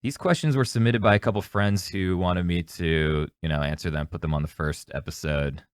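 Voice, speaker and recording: Young man, low voice, casual podcast host, jokey rambling, dry close sound. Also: normal speed, no echo. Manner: rambling, jokey, animated retelling with cursing. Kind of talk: casual solo storytelling.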